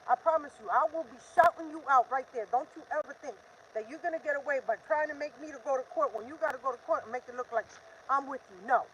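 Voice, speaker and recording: A woman's voice: high voice, fast talker, dull audio, a little hiss or hum. An older woman hosting a live stream, talking in an urgent, defiant, repetitive rant. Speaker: livestream host.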